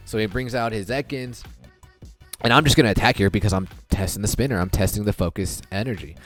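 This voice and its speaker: Talking fast in a low voice, a man chats his way through recorded gameplay for a video, faint music playing underneath. It's casual commentary, thought out loud, with many restarts and "I'm like" recaps.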